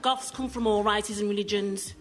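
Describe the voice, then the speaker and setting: An actress playing a deadpan young goth shop assistant in a radio sitcom. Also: female voice, medium pitch, normal speed, soft background music, natural voice. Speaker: shop worker.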